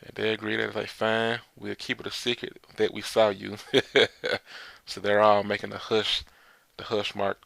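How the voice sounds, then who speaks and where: A man rambles through a casual chapter recap, full of filler words and quick laughs. His voice sits low, with a gravelly, bright, forward edge. The sound is close and dry. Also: monotone, no echo. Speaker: manga chapter reviewer.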